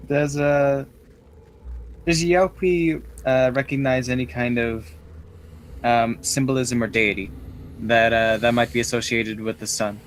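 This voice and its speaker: A man's voice: medium pitch, steady tone, unhurried, slight background noise. A man playing a tabletop game, speaking hesitantly with many fillers. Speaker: player.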